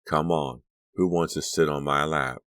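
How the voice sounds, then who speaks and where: A man voicing a brash teenage boy who shouts teasing remarks in a horror audiobook. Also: very deep voice, fairly even intonation, unhurried, clear, resonant tone, no echo. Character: cocky teenage boy driver, teasing show-off.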